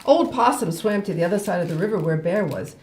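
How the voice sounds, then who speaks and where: An older woman reading a folk tale aloud as storyteller host, animated with playful asides. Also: fairly low pitch, quick pace, slight background noise. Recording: roomy echo.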